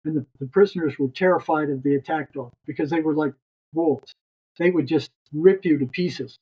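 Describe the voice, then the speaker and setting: Older man with a husky, slightly high voice. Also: normal speed, lo-fi sound. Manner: rambling, repeats words as he restarts. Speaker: guest, retired psychotherapist. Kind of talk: long storytelling anecdote.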